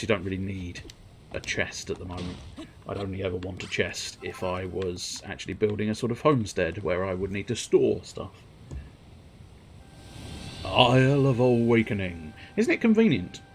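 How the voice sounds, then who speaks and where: A low-voiced man streams a video game and chats as he plays. He rambles wryly and swears now and then, reading the on-screen text aloud as he goes. A faint ambient hiss runs under his voice. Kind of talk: casual gameplay commentary.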